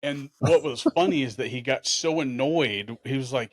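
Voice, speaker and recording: A man's voice: medium pitch, normal speed, dry recording. A man hosting a podcast, telling rambling hometown stories in a casual chat. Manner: rambling, animated storyteller with restarts. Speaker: podcast host.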